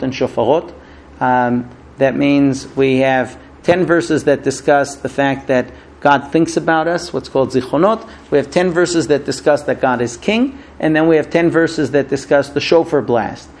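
A middle-aged man, not a native English speaker, giving an informal sermon full of stories, often stumbling and restarting his sentences. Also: a little high. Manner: halting restarts, storytelling, acts out quoted voices.

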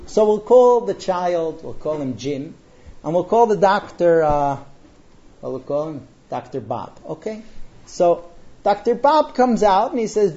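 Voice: mid-range voice, a little slow, lo-fi sound. An adult giving a parenting talk to a live audience, telling stories and acting out what people said. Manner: animated storyteller who acts out quotes. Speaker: parenting speaker.

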